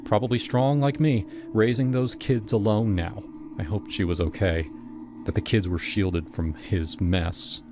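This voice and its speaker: A man giving a brisk, wry scripted first-person narration of a horror story. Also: on the low side. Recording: over loud background music.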